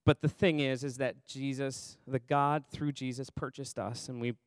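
A man's voice: mid-range voice, steady tone, moderate pace, no room sound. A man preaching a sermon as pastor in a church service, chatty and conversational, quizzing the congregation by name and repeating phrases for emphasis.

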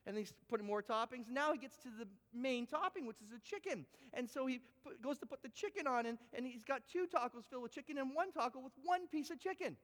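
A man preaching a sermon, telling a story with animated, expressive delivery. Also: quick pace, few pauses. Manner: animated storytelling with big pitch swings. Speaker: pastor. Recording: echoey hall with long reverb.

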